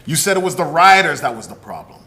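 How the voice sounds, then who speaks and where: A man's voice: fairly high pitch, sing-song, fast talker, pushed and bright. A man co-hosting a podcast, ranting with anger and biting sarcasm, often swearing. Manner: angry, sarcastic, profane ranting. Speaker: podcast co-host. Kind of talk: heated podcast commentary.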